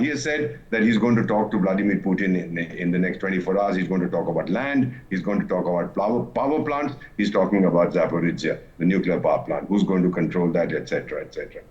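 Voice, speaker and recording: An older man, a former ambassador, giving animated and mocking commentary as a guest on a news panel over a remote link. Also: lowish voice, dull audio. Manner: animated, scornful, mocking impressions.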